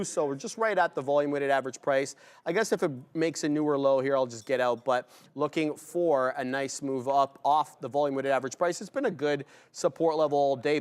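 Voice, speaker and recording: A man co-hosting a live trading stream, giving brisk, chatty commentary on his trades and calling out viewers by name. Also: medium pitch. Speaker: day-trading stream co-host.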